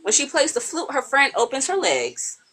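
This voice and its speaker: A woman telling a story on a live stream, animated and acting out characters with frequent ums. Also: high-pitched, normal speed.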